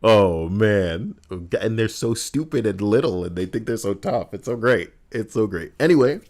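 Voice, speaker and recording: Lively, low-voiced male streamer. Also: moderate pace. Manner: profane, rambling, animated. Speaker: game streamer. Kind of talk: casual livestream chat.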